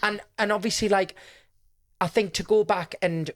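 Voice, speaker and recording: A man's voice: high voice, steady tone, moderate pace. Chatty man with a North East English accent. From North East England. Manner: chatty, self-deprecating, joking. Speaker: singer, guest. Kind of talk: casual interview chat.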